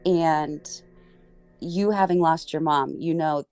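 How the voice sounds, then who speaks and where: A woman co-hosting a podcast, retelling film scenes in animated, laughing storytelling. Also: sits low, slow pace, faint music behind. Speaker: podcast co-host. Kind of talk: casual chat.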